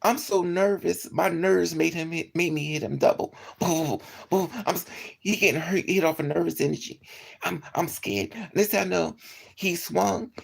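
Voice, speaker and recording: A woman casually telling a personal story to her viewers, animated and blunt, with profane slang. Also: normal speed, vocal fry, breathy edge. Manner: animated, swings into high yelps for quoted lines.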